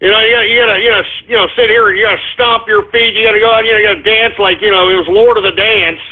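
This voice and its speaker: A loud, boastful man rants into the mic on a call-in radio show. His voice sits unusually high and sounds husky. The audio is tinny and phone-like, with faint music underneath. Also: steady tone, racing. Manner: loud, boastful, shouting and cackling. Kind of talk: brash call-in radio rant.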